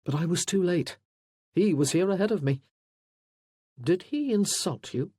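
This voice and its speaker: A man doing a protective gentleman friend. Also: high voice, lively intonation, a little slow, slightly rough, dry recording, studio quality, full character voice. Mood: concerned. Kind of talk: audiobook character voice.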